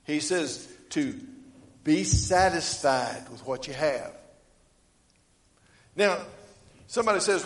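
A man preaching a sermon, reading scripture and swinging between loud emphatic lines and quiet ones. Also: animated, slow pace, long pauses, reverberant. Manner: rises to loud emphatic preaching, then drops low; reads scripture aloud in old-fashioned wording. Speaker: pastor.

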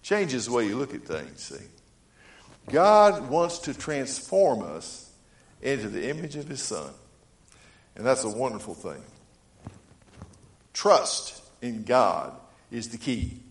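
Animated folksy preacher man, echoey room. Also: mid-range voice, slow pace, long pauses. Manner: folksy storytelling, acts out dialogue. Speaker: pastor. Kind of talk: sermon.

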